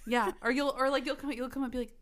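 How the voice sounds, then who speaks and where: A woman's voice: high-pitched, fairly even intonation, fast talker, fairly bright tone. A young woman co-hosting a casual podcast chat, teasing her friend and laughing often. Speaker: podcast co-host.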